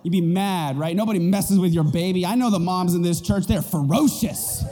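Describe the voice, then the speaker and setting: Joking, animated pastor preaching in a hall. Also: male voice, high voice, normal speed, a little hiss or hum. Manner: animated and joking, asks the crowd "right?". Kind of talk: sermon. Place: church auditorium.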